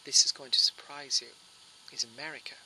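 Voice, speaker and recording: A man with a flat Irish accent, explaining at length in an interview, often restarting his sentences. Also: medium pitch, brisk, slight background noise, rough recording. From Ireland. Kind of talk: interview answer.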